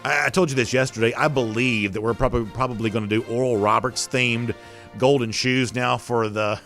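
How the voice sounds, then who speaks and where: A man's voice: mid-range voice, fairly even intonation, fairly quick, creaky, fairly bright tone, soft background music. A man hosting a casual sports talk show, chatting loosely with plenty of "you know" fillers and reading out viewer comments.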